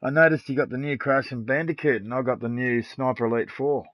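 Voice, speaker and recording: Chatting casually while streaming a game live, this middle-aged Australian man speaks briskly in a mid-range voice, full of crude bragging and heavy swearing. The recording has no room sound and comes across as dull, dry, and lo-fi.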